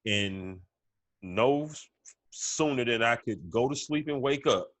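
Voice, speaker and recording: Podcast co-host, male, mid-pitched, laid-back rambling delivery, dry close mic. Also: lively intonation, takes it slowly, a bit bright, dry recording. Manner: conversational, frequent "you know what I'm saying", repeats words. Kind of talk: casual sports talk.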